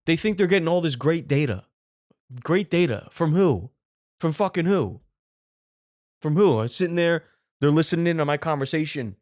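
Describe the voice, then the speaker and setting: A brash male comedy host riffing on the news with profane, mock-exasperated commentary. His voice sits a bit high, and the recording is dry and close, with no room echo. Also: expressive, moderate pace, long pauses, darkish tone.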